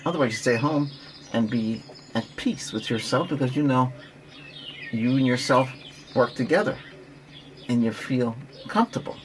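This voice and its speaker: Rambling, gently coaching man, birdsong behind. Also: medium pitch, normal speed, long pauses, a little hiss or hum. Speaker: Reiki practitioner. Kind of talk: relaxation talk with breathing guidance.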